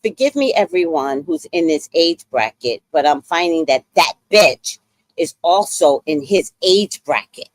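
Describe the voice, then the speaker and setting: A woman with a low voice tells her story on a livestream, her pitch swinging widely from phrase to phrase. She talks bluntly and curses freely in a dry, close-sounding recording. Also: unhurried, no room sound. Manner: blunt, animated, profane. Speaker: livestream host.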